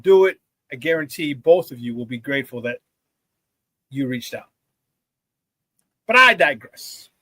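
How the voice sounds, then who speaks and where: A man hosting a morning sports talk show, chatting casually with hype-man energy, greeting viewers and shouting out the chat. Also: mid-range voice, lively intonation, unhurried, long pauses, no room sound.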